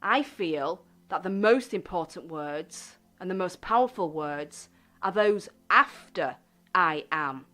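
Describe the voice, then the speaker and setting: Slow, lively-pitched woman hosting radio. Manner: slow, gentle and deliberate, stressing key words. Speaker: radio show host. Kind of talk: calm self-help radio talk.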